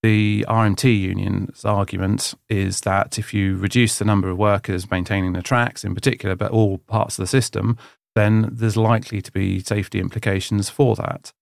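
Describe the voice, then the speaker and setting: A man's voice: on the low side, level tone, moderate pace, creaky, dry recording, studio quality. A man who lectures in history, answering interview questions in a thoughtful, explanatory way.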